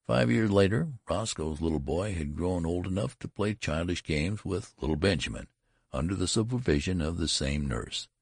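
A man narrating a story as an audiobook, with an expressive reading. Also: moderate pace, no room sound, clean studio sound. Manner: deep, gravelly, expressive reading.

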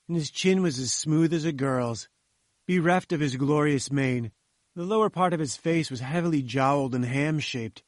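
A man reading a novel aloud as an audiobook, in a measured storytelling way. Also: fairly high pitch, no echo, studio quality. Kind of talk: audiobook narration.

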